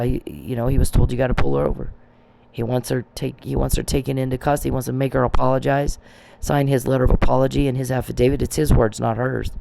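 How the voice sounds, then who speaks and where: Guy on a rant, gravelly voice, mid pitch, cussing and accusing, repeats stuff a lot. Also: mellow. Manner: agitated, accusing, swears freely; repeats himself for emphasis. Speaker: vlogger. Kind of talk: ranting monologue.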